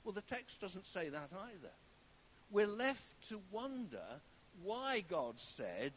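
A man preaches with a high, lively voice that climbs and falls as he tells the story. He sometimes sinks to a hushed whisper for effect. A faint hiss sits under the recording. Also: takes it slowly. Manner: animated storytelling, drops to a hushed whisper for God's voice. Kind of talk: sermon.

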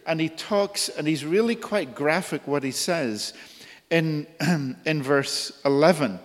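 A man preaching a sermon in a church, earnest and deliberate, his voice rising in urgent questions as he voices the prophet's appeals. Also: animated. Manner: slow, earnest, rises high and urgent when voicing God's appeals. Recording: long reverb of a hall.

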